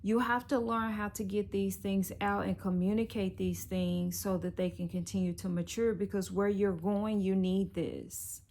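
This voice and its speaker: A woman's voice: mid-range voice, steady tone, normal speed, hardly any pauses, a little mellow, a little hiss or hum. A middle-aged woman, a life coach, giving an encouraging, conversational tarot reading that turns slightly preachy. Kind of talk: direct-to-camera tarot reading.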